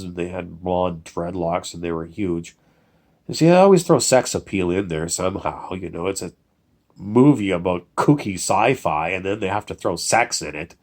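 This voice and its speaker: A man, a producer, talking in a casual, digressive monologue full of fillers and lost threads. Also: low-pitched. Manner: digressive, loses his train of thought, many fillers.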